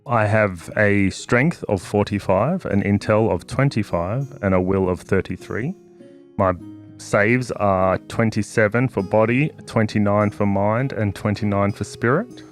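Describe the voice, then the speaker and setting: A man's voice: fairly low pitch, a little slow, soft background music. A man, a tabletop player, casually listing his character's stats with small laughs. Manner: relaxed, laughing between stat lists. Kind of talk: casual chat about a game character.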